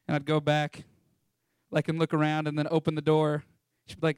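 A young man tells a story to an audience in an animated, playful way, switching into the voices of the people he describes. His voice sits slightly high for a man. The sound is dry and close, with little room reflection. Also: a little fast, clean tone, no echo. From Texas. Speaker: ministry school student sharing a testimony.

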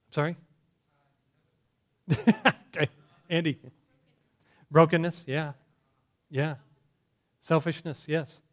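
A man's voice: on the high side, little pitch movement, slow, long pauses. A man preaching a conversational sermon, often correcting himself and putting questions to the congregation. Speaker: pastor.

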